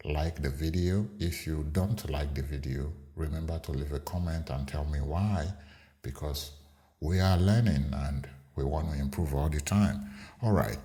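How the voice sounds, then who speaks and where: A man hosting a screen-recorded coding tutorial, explaining each step in an unhurried way with fillers. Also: rumbling low, dark tone. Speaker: programming tutorial host.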